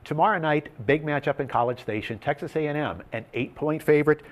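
A man hosting a sports betting talk show, leading the segment in a lively, emphatic way and laying out odds and stats. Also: a little high, brisk.

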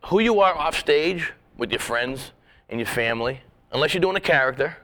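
A man's voice: on the high side, lively intonation, moderate pace, pushed and bright. A man, a guest comedian, telling rambling, profane stories in a casual podcast chat, with many restarts.

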